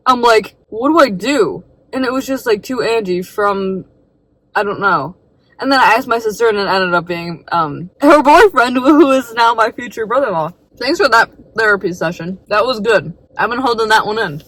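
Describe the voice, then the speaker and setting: A woman's voice: on the high side, expressive, normal speed, fairly bright tone, no echo, low-quality recording. Rambling young woman vlogging from her car. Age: young adult. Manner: rambling, self-deprecating, with frequent fillers. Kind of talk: casual storytelling vlog. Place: parked car.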